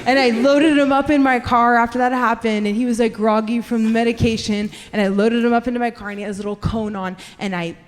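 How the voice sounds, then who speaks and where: A woman performing a stand-up comedy set, telling brash, profane stories and shouting her punchlines. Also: on the high side, little pitch movement, fast, few pauses. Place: comedy club stage in front of a live audience. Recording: live club recording with reverb and crowd noise. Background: audience laughter.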